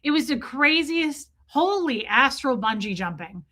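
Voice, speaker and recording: Woman w a bright kinda high voice, rambling animated story to her stream chat, lots of "like" and cussing. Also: a little slow. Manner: animated, lots of "like" fillers and cursing. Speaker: livestream host. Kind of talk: casual storytelling to a live chat.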